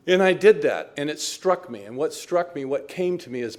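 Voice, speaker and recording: A man's voice: on the high side, lively intonation, moderate pace, few pauses. A middle-aged man speaking at a recovery meeting, telling his own story with candid, self-mocking humor and frequent chuckles.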